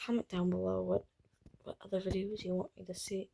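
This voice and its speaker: A woman's voice: lowish voice, little pitch movement, moderate pace, creaky, long pauses, warm tone, a little hiss or hum. A woman vlogging casually at night from her bed, talking sleepily and often in a whisper. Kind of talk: casual late-night vlog. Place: bedroom, in bed under blankets.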